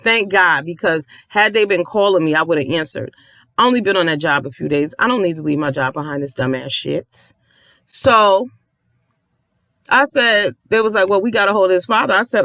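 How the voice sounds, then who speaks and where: A mother telling a long story in a casual rant, profane and animated, acting out the people she quotes. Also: medium pitch, moderate pace, vocal fry, no room sound.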